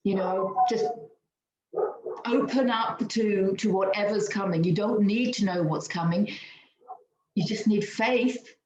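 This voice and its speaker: A woman's voice: mid-range voice, takes it slowly, long pauses, a little mellow, a little hiss or hum. A woman giving a weekly tarot card reading, earnest and upbeat, laughing often as she talks. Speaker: tarot reader. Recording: roomy, slightly dull sound.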